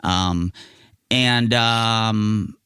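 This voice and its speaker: Man, low voice, podcast guest, frank storyteller, casual talk, dry close sound. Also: drawn-out words, smooth, dry recording. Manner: frank, animated storyteller who acts out quotes. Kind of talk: candid conversational storytelling.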